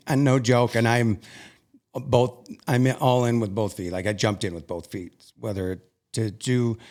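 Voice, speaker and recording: A young man earnestly recounting a personal story as an interview guest, halting and emotional at times. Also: on the low side, a little mellow.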